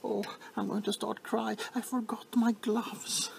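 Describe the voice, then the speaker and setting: A man playing an overly attached, sentimental pharmacist in a whispered role-play, softly fussing and apologizing. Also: mid-range voice, expressive, slow, creaky, slight background noise. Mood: apologetic.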